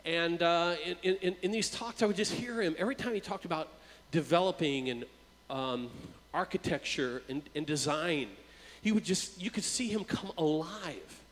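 A male preacher telling a personal story in a casual, chatty sermon, his voice sitting a bit higher than most men's. He often stumbles over a repeated word before a phrase comes out. His voice rings out with a long reverb, as in a big hall. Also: moderate pace. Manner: conversational, repeats words when starting a phrase. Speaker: youth worker and preacher.

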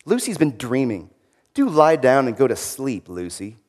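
A man's voice: mid-range voice, sing-song, moderate pace, darkish tone. A cynical older sister who snaps and scolds, as a man reads her lines aloud. She sounds impatient and dismissive, like a storybook character. A long hall reverb trails each phrase. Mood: snappish. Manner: snappish, dismissive.

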